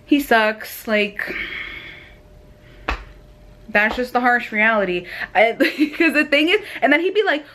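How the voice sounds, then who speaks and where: Young woman vlogger, casual and chatty, a bit high-voiced, talks to her viewers like friends. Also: unhurried. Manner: chatty and animated, lots of fillers. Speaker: vlogger and small business owner. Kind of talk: casual chat to camera.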